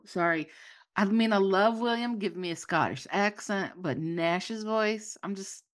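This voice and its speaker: A woman's voice: medium pitch, measured pace, no room sound, clean studio sound. A woman co-hosting a podcast, chatting casually about a TV show, gushing and trailing off mid-thought. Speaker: podcast co-host. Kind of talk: casual chat.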